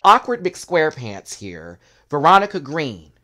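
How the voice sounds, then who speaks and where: Male show reviewer, sassy and animated, casual recap talk with quick asides. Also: mid-range voice.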